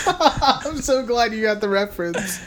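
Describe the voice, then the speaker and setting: A man's voice: sits high, animated, unhurried, fairly bright tone, slight background noise. A man co-hosting a podcast, casually recapping a movie with lots of swearing and laughs, acting out the characters' lines. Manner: profane, laughing, acts out film dialogue in put-on voices. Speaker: podcast co-host.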